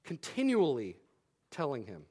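A man's voice: medium pitch, huge pitch swings, normal speed, a little mellow, husky. A man preaching a sermon, repeating key phrases for emphasis and adding wry humorous asides.

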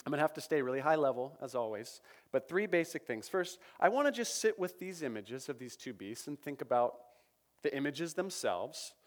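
A man's voice: on the high side, moderate pace. Conversational man giving a sermon. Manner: conversational, self-correcting, energetic. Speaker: pastor. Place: church.

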